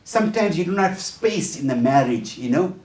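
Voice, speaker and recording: A male trainer lectures through anecdotes, slipping into changed voices for the characters and pausing on fillers. He sounds set back from the microphone. His voice carries a roomy echo. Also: on the high side, lively intonation, darkish tone. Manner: storyteller who acts out the dialogue in changed voices, with frequent fillers. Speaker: educational trainer giving a workshop talk. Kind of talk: lecture told through stories. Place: talk venue, roomy space. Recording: roomy echo, distant mic.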